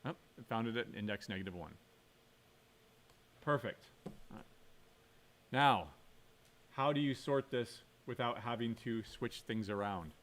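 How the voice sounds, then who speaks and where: A man's voice: mid-range voice, a little slow, long pauses, a bit bright. Man, lecturer, live-coding, thinking aloud, quizzing students. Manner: thinks aloud, asks the class questions, self-corrects. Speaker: computer science lecturer.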